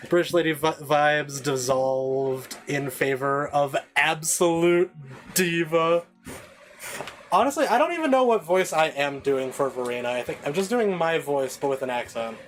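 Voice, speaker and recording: A man chatting casually on stream about the game he is playing, his higher voice bouncing through a wide, animated range. Faint game music runs behind him. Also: normal speed. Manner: animated, laughing asides.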